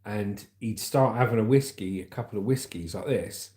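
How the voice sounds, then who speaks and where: A man's voice: lowish voice, moderate pace, warm tone, echoey room. A man hosting a livestream, chatting casually and rambling as he reads the news, often calling his viewers "mate".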